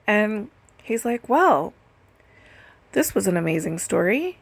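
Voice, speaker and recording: A woman's voice: medium pitch, expressive, slow pace, no room sound. A woman doing a casual storytelling voice-over, chatty and full of "like" and "literally". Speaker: nail and lash technician telling stories. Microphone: voice-over recorded separately.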